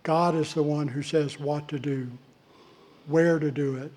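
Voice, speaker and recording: A male pastor preaching a sermon in a measured way, with deliberate pauses between phrases. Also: a little high, fairly even intonation, a little mellow. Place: church.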